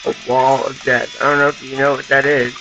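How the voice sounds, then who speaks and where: A man's voice: mid-range voice, little pitch movement, a little fast, pushed and bright, dull audio, faint music behind. A young man from Southern California, a vlogger rambling and swearing in a casual rant to his camera. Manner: profane, rambling, full of fillers. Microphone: camera mic.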